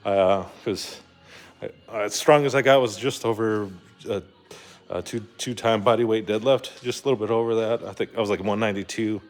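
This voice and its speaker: A man's voice: lowish voice, steady tone, moderate pace, soft background music. A young man talking in a casual rambling monologue, full of fillers, restarts and swearing. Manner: rambling, profane, lots of fillers. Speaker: vlogger.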